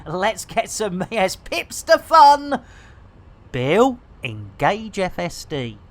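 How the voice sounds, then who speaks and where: A man's voice: high-pitched, wildly swooping pitch, very slow, a bit bright. Jokey British man streaming a game. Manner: jokey, rambling, innuendo-laden. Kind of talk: comedic live gameplay commentary.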